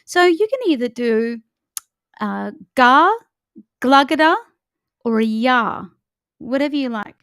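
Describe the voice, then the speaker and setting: A woman vocal coach leading a live warm-up lesson, chatty and encouraging as she demonstrates exercises. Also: high voice, expressive, slow pace, long pauses, smooth, no room sound, studio quality.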